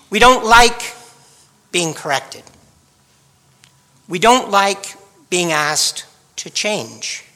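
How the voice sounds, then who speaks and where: A man's voice: high-pitched, pushed and bright, big-room sound. A man preaching a sermon in a wry, dramatic storytelling manner. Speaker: pastor.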